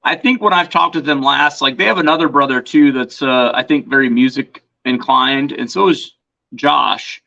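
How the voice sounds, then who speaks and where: A man who sells reptiles appears as a podcast guest, telling stories in a casual, rambling chat full of fillers and restarts. His mid-range voice is gravelly and bright, with a forceful tone, at normal speed. The sound is lo-fi.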